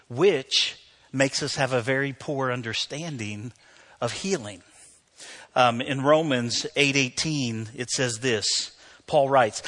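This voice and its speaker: A middle-aged male pastor with a medium-pitched, bright, forceful voice delivers a sermon. He opens with a personal story told conversationally, full of fillers, then builds into emphatic preaching.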